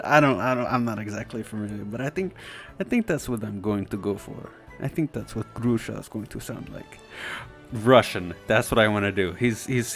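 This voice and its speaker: A man's voice: on the low side, expressive, normal speed, faint music behind. Rambling young man reading a game. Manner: rambling, self-mocking asides. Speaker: visual novel reader. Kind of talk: casual game let's play narration.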